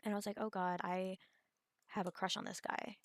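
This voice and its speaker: A woman's voice: mid-range voice, little pitch movement, a little fast, no room sound, clean studio sound. A young woman, telling a personal story in a casual vlog, rambling with many fillers and restarts. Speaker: vlogger.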